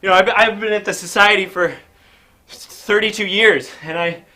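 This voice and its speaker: A man's voice: high-pitched, normal speed, pushed and bright. A man hosting an improv comedy show, out of breath, rambling and stammering in a dazed way. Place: hot indoor stage.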